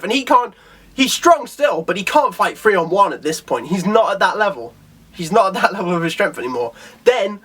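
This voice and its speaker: A man's voice: high-pitched, fairly bright tone, husky. A man giving a casual, rambling video review of a comic chapter, with lots of fillers and restarts.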